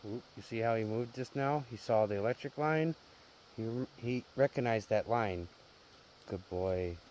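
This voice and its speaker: A man's voice: mid-range voice, moderate pace, darkish tone, slight background noise. A man hosting a casual farm vlog outdoors. He talks fondly and playfully to his dogs in a coaxing sing-song. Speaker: vlog host. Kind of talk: casual chat.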